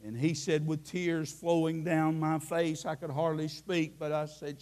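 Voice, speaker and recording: An older man preaching an impassioned sermon in a church, telling folksy stories and rising into shouts. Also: on the high side, completely flat delivery, normal speed, few pauses. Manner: impassioned, climbing into shouting at the peaks; folksy storytelling with many restarts. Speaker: Baptist preacher.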